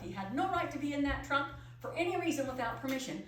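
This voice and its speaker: A middle-aged woman telling a story in first person as a pioneer woman, expressive and emotive. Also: sits high, fast, hardly any pauses. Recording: echoey room from far off with faint hum.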